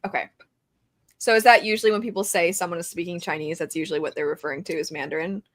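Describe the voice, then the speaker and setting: A woman's voice: on the low side, steady tone, fast, fairly bright tone, dry recording. A woman co-hosting a podcast in casual chat, talking chattily and laughing often. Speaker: podcast co-host.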